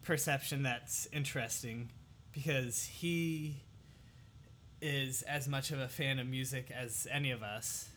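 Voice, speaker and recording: A man's voice: mid-range voice, steady tone, a little slow, a bit bright, a little hiss or hum. A young man hosting a casual chat, hesitant and full of fillers as he asks questions.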